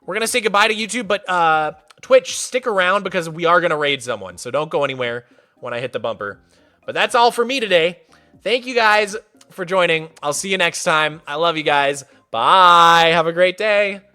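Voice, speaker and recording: Faint music plays as a man with a fairly high voice chats at a moderate pace on his game livestream. Playful and quick to laugh, he calls out newcomers by name and uses soft baby talk when addressing his cat.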